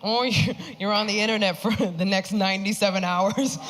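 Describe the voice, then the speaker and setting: A woman's voice: mid-range voice, steady tone, normal speed, a bit bright, slight background noise. A woman performing a stand-up comedy set, acting out the people she quotes with big jumps in her voice.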